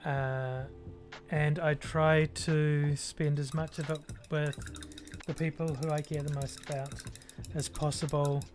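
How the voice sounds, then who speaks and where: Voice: mid-range voice, little pitch movement, takes it slowly, a little mellow, faint music behind. A streamer with a New Zealand accent, chatting casually and thinking aloud with lots of ums while painting miniatures. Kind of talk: casual livestream chat while working.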